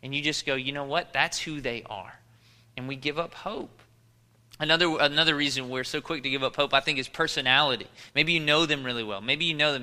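A man preaching a sermon in a conversational, animated style, telling stories and jokes to his congregation. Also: fairly high pitch. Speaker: pastor.

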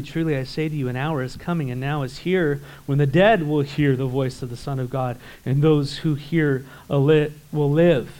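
A male pastor preaching a sermon, emphatic, swinging between loud urgency and quiet intensity, and putting rhetorical questions to the congregation. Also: fairly high pitch, poor audio.

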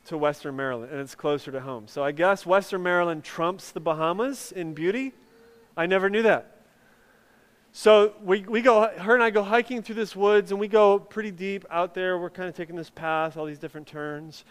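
A man's voice: fairly high pitch, clean tone, in a large hall. A man preaching a sermon, telling a personal story in a conversational way with many fillers and restarts. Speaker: pastor.

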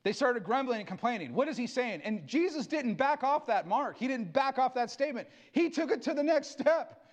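Male pastor, middle-aged, high-pitched, fervent sermon with quiet asides. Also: expressive, normal speed. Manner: fervent preaching with sudden drops to quiet asides.

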